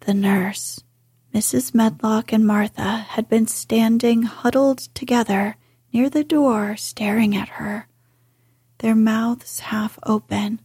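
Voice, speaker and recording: A woman reading a classic story aloud in a soft, unhurried whisper. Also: fairly high pitch, breathy edge, no room sound, studio quality. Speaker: narrator.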